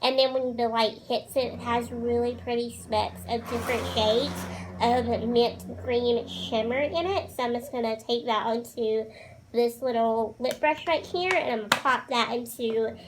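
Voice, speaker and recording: A woman's voice: a little high, fairly even intonation, measured pace, background noise. A young woman chatting casually through a makeup tutorial, bubbly and gushing, with lots of fillers. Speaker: beauty vlogger.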